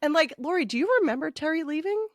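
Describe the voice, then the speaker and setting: A woman's voice: high voice, lively intonation, fast talker, no echo, clean studio sound. A woman in her forties co-hosting a casual sisters' chat, reading her old diary aloud with dramatic emphasis. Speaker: podcast co-host.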